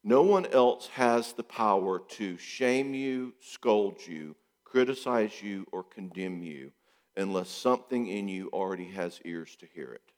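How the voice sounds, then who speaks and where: A man's voice: fairly low pitch, unhurried, in a large hall. A middle-aged man, a psychologist, talking casually about relationships, firing off rhetorical questions and repeating points for emphasis. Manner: animated, acts out quotes in voices, rhetorical questions, repeats for emphasis.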